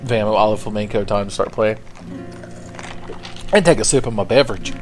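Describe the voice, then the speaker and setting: A gameplay commentator gives casual, profane, sarcastic let's-play commentary while playing a video game. His lowish voice moves a little fast, with faint music behind him.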